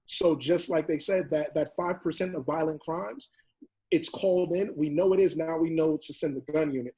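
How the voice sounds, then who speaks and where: A man argues with conviction on a discussion panel. His voice sits a bit high and has a husky edge. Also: normal speed, dark tone, poor audio. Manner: impassioned, acts out voices in quotes. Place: Los Angeles.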